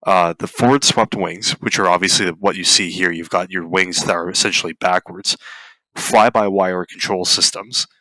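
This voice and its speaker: A man on a podcast, presenting a topic from slides in a relaxed way. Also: deep voice, moderate pace, no room sound, poor audio. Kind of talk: casual chat, presenting a topic.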